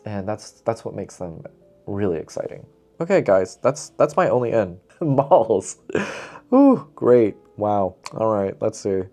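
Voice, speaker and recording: A young man vlogging in a casual, chatty way, animated and full of asides. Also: lowish voice, unhurried, faint music behind. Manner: chatty, animated, says "y'all" a lot, frequent laughs. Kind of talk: casual chat to camera. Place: lives in Seoul.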